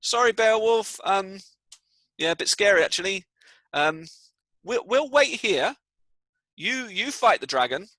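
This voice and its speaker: A man's voice: sits high, lively intonation, a little slow, pauses often, sharp tone, dry recording, pitched above the performer's own voice, full character voice. A man doing nervous cowardly soldiers. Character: frightened cowardly soldiers backing out of a fight.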